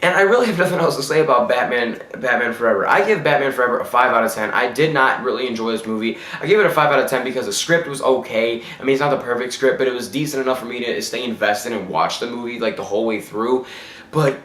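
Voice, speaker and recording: A man's voice: mid-range voice, fast talker, fairly bright tone, echoey room. A man giving a casual, opinionated film review. He talks bluntly and rants, often stumbling and restarting his words. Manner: blunt, ranting, trips over words. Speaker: movie reviewer.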